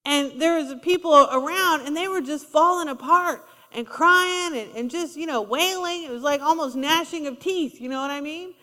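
A woman's voice: high voice, moderate pace, few pauses, bright, forceful tone. A woman preaching a sermon in a conversational style, acting out quotes as she goes. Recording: long reverb of a large hall.

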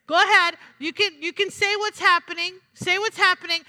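A woman's voice: very high voice, expressive, moderate pace, sharp tone. A woman preaching a sermon in a church, emphatic, repeating her phrases and asking the congregation "Amen?". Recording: long hall reverb.

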